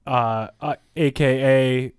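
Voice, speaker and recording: A young man hosting a podcast in loose, casual banter. His voice sits at an ordinary middle pitch, and he talks in a crude, joking way, swearing freely and telling dirty jokes. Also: steady tone, slow pace, clear, resonant tone. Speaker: podcast co-host.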